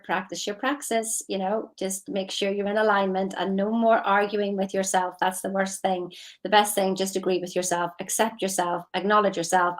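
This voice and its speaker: A woman's voice: medium pitch, fairly bright tone. A woman co-hosting a casual live chat, talking in an earnest, reflective and affirming way. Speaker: co-host.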